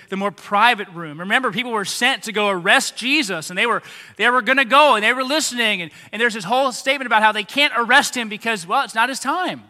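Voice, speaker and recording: A pastor preaching a sermon, animated and acting out the lines of people in the story he tells. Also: high voice. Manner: animated, acts out quoted voices of the crowds and leaders. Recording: long hall reverb.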